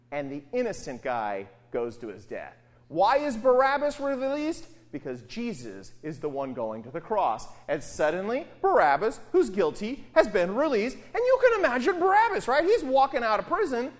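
A man preaching a sermon as a pastor, putting rhetorical questions to the congregation in an animated way. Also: high-pitched. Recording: long reverb of a large hall.

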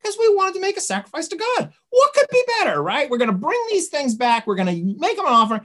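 A woman's voice: high voice, sing-song, fast, fairly bright tone, pitched above the performer's own voice. A woman voicing a flustered, defensive king who pleads and makes excuses.

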